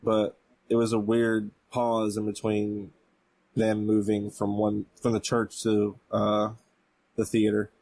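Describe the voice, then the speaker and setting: A man co-hosting a casual podcast, recapping events in a relaxed way with frequent fillers. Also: fairly low pitch, slow pace, a little hiss or hum. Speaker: podcast co-host. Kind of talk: casual chat.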